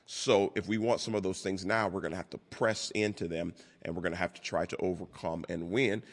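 A man preaching a sermon as pastor, deliberate and repeating key words for emphasis. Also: sits low, steady tone. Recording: long hall reverb.

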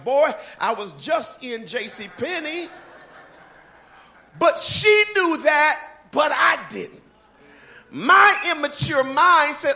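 A man preaching a sermon to his church, swinging from quiet talk to shouted, half-sung lines. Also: high-pitched. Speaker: pastor. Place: church sanctuary.

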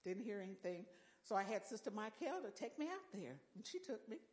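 An older woman giving a folksy church testimony with lively storytelling and exclamations of praise. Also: medium pitch, fairly quick.

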